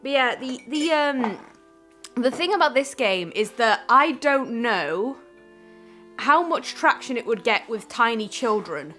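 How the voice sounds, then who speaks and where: A young woman tells stories in a bright, high voice that swoops up and down all the time. She is animated and acts out her own shouting. Faint music plays under the talk. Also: measured pace. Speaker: co-host. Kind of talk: casual chat.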